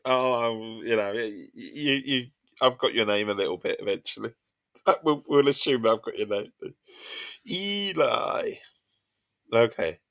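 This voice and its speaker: A man's voice: lowish voice, moderate pace, fairly bright tone. A man with an Essex accent chatting casually with his viewers while he plays, often laughing and poking fun at himself. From England. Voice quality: chatty and self-mocking, laughs often, reads chat aloud. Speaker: streamer. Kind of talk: casual gaming stream chat.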